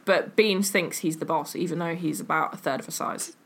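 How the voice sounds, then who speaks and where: A woman's voice: deep voice, a little fast. An English woman co-hosting a podcast, telling stories in casual chat, full of likes and ums and laughing along. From England. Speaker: podcast co-host. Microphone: webcam setup, remote call.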